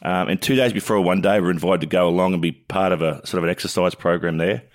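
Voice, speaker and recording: Deep-voiced Australian man, casual sports chat. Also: steady tone, fast talker. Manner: blunt, laughs while telling stories. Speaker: sports podcast co-host, former cricketer.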